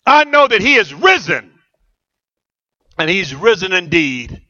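High bright-voiced pastor preaching. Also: male voice, sing-song, unhurried, highs cut off. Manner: rousing call-and-response preaching, asks the church questions. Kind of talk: sermon. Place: church.

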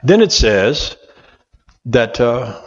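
In a muffled, echoey church hall, a man preaches straight to the congregation in a folksy, repetitive style. His medium-pitched voice swings widely in pitch and he draws out his words.

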